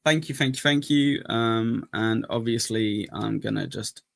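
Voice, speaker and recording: A man's voice: on the low side, measured pace, creaky. A man with an English accent hosting a live stream, chatting casually, joking and thanking donors. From England. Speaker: streamer host reacting to clips.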